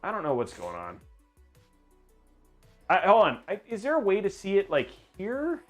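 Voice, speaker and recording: A man's voice: high voice, huge pitch swings, moderate pace, soft background music. A man hosting a livestream in casual chat, rambling and joking at his own expense. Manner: rambling, playful, self-mocking. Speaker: livestream host.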